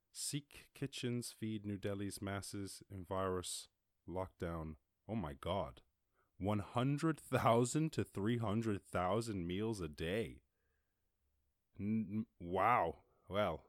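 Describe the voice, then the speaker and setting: Irish guy podcasting solo, kinda low voice, dry close sound, gets hyped and swears a lot. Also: dry recording. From Ireland. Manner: excitable, jokey, swears freely, quick loud reactions. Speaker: podcast host. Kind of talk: casual solo news-reaction podcast.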